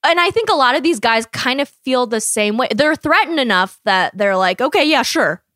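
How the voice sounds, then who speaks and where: A woman's voice: on the high side, animated, moderate pace, fairly bright tone, no room sound, studio quality. A woman co-hosting a podcast, chatting casually, agreeing readily and laughing often. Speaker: podcast co-host. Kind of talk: casual chat.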